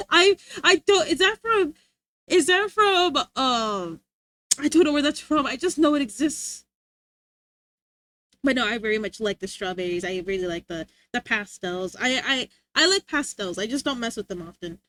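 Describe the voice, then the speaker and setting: Giggly high-voiced woman streamer. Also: expressive, normal speed, fairly bright tone, dry recording. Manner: rambling, giggly, reads chat aloud. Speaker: livestreamer. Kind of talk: casual live-stream chat.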